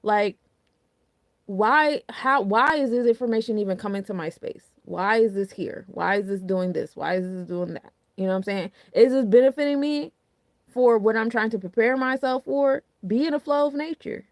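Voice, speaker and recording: A woman's voice: fairly high pitch, normal speed, no echo. Woman musing on astrology in a dry close room. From New Jersey. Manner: conversational, repeats "you know what I'm saying"; rhetorical questioning. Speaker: astrology podcast host. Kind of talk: casual astrology talk.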